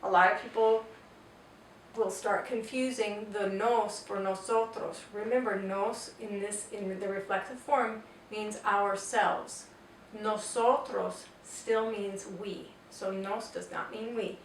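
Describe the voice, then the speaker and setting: A woman's voice: medium pitch, steady tone, takes it slowly. A woman teaching a Spanish grammar lesson, explaining patiently and step by step with example sentences. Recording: roomy echo, distant mic, faint noise.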